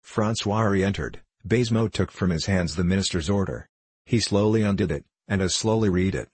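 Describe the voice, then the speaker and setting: Male audiobook narrator, measured reading, husky low voice. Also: darkish tone, dry recording.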